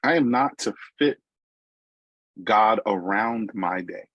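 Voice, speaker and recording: Low husky New York man telling his story. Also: slow pace, no echo, highs cut off. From New York, USA. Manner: conversational storytelling, frequent "right?" asides. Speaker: recovery meeting speaker. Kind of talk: personal recovery talk.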